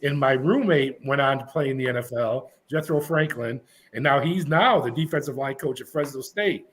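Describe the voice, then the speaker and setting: A man's voice: medium pitch, normal speed, a little hiss or hum. A middle-aged man, a podcast guest, telling stories casually and acting out the other people's lines. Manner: animated storyteller acting out quoted voices. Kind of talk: casual storytelling.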